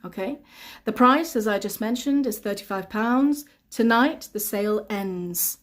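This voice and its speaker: A woman's voice: mid-range voice, unhurried. A woman English teacher answering learners' questions on a live stream, reading their comments aloud and explaining things patiently with lots of repetition.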